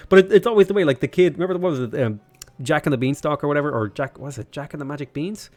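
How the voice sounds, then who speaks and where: A man's voice: fairly high pitch, very fast, darkish tone, soft background music. A young man streaming a strategy game, chatting casually in a rambling, joking way. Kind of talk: casual livestream commentary.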